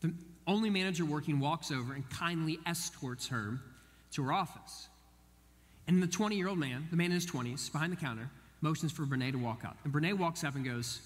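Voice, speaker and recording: A man preaching a sermon, telling a story in an animated way and acting out the voices of the people in it. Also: a little high, a little fast. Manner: animated, acts out quoted voices. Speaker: pastor. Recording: long hall reverb.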